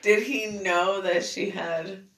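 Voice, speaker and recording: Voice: mid-range voice, steady tone, slow, fairly bright tone, distant mic. A co-host chiming in with short, agreeable remarks during a casual chat. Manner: brief, agreeable interjections. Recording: echoey room.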